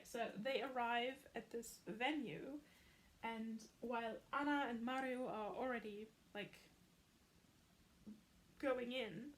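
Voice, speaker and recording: A woman's voice: a little high, a little hiss or hum. A woman recapping a film in a chatty, casual way, dropping sarcastic asides.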